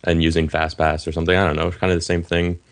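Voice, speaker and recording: A man's voice: low-pitched, level tone, rapid-fire, smooth. A man calling in to a live show, speaking hesitantly with many fillers. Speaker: caller. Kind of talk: casual call-in chat.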